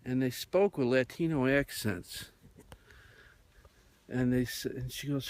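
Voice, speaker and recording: Slow, meandering male radio storyteller. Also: mid-range voice, darkish tone, dry recording. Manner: meandering, with many fillers. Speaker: radio host. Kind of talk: rambling storytelling monologue.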